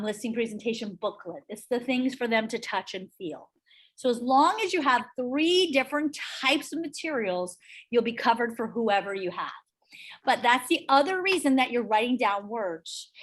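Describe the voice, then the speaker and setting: A middle-aged woman leading a real estate sales training, chatty and energetic, telling stories to the room. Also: on the high side. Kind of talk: training workshop talk.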